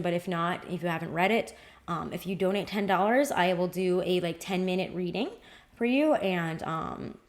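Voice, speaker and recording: Woman streamer reading tarot, low voice, loose chatty delivery with swearing. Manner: chatty, rambling, swears casually. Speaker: tarot reader on a livestream. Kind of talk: casual livestream tarot reading.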